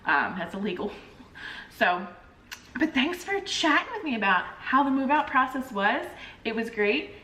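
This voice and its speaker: Animated woman vlogger, roomy and distant. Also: a little high, normal speed. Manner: animated storyteller, acts out quoted phone calls. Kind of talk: casual chat to camera. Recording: roomy echo, mic at a distance.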